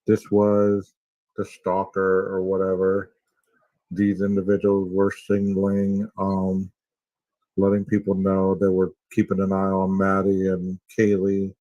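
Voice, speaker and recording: A man musing on a podcast, posing rhetorical questions in a low, flat, even voice. The sound is dry and a little dull, without much treble. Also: a little slow, dry recording. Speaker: podcast co-host. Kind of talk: casual commentary.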